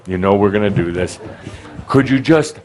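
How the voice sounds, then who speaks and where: A man's voice: fairly low pitch, expressive, moderate pace, a little mellow. A man leading a spiritual workshop before a live audience on a handheld mic, teasing and provoking a participant, often restarting his sentences. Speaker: spiritual teacher working with an audience. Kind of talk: interactive workshop talk. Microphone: handheld microphone.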